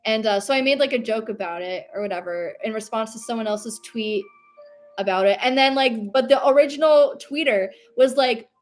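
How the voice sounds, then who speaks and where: A woman's voice: a little high, moderate pace. Chatty young woman streamer, faint music. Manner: rambling, chatty, reads chat aloud, laughs often. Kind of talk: casual livestream chat.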